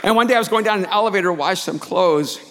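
Male preacher, sermon storytelling, high tenor voice, long hall reverb. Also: fast. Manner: builds from quiet storytelling to loud preaching.

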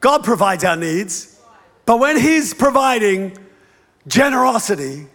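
A high-pitched man preaching a sermon in a large church hall. His voice rings with a long reverb. He tells stories with playful mimicry and shifts into emphatic preaching. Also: a bit bright. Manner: storytelling with playful mimicry and chuckles. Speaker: pastor.

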